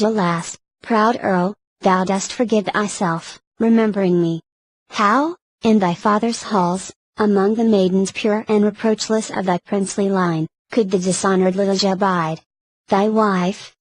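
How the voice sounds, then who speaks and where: Sorrowful young maiden for an audiobook play, woman reader, mournful and even, dry sound. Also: medium pitch, no room sound, natural voice, poor audio.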